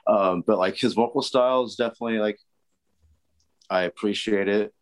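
A man's voice: lowish voice, normal speed. A man who fronts heavy bands, a podcast guest who talks hesitantly with many ums and likes. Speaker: podcast guest, band vocalist. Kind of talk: casual interview chat.

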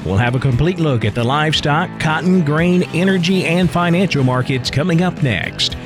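A man anchoring a farm radio market report, reading prices in a brisk, steady way. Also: a little high, music in the background.

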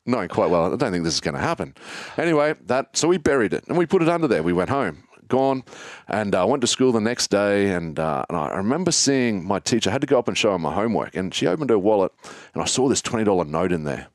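A man's voice: on the low side, fast talker, hardly any pauses, dry recording, clean studio sound. A man telling his life story in a casual interview, acting out the voices of people from his childhood. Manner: animated, acts out childhood voices.

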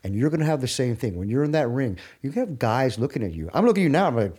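A man's voice: medium pitch, sing-song, fast talker, dark tone, husky. Enthusiastic, rambling middle-aged man. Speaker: wrestling guest. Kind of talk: casual interview chat.

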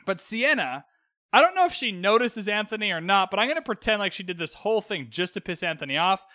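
A man casually recapping a TV episode as a podcast host, candid and animated, swearing freely. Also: sits high, fast talker, dry recording, studio quality.

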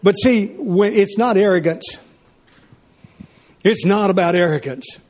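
A man preaching a sermon, telling stories with lively back-and-forth dialogue. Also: sits high, measured pace. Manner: animated storytelling, acts out his wife and himself in dialogue. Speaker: pastor.

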